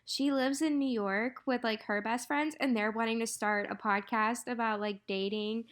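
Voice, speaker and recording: A woman's voice: a little high, moderate pace. A young woman with a North Carolina accent, chatting animatedly as a podcast co-host and telling stories about her week. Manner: chatty, animated storytelling with frequent laughs. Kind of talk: casual chat.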